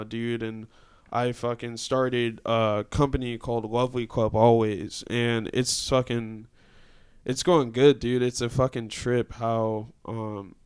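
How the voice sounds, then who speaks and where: A young man with a smooth, clear voice at an ordinary middle pitch. He hosts a podcast and tells a story in a loose, casual way. He swears freely and keeps saying "dude". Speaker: podcast host.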